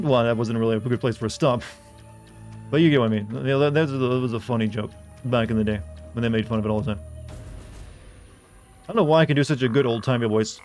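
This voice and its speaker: A man's voice: mid-range voice, fast, pauses often, darkish tone, faint music behind. A man streaming a game, chatting casually and rambling with frequent restarts and asides. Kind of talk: casual gameplay commentary.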